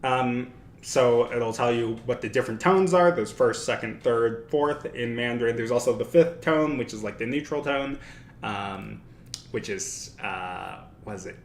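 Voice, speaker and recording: A man hosts a casual study livestream, thinking aloud and correcting himself as he goes. His voice sits in the mid-range and moves at a measured pace. The room is echoey, with faint noise.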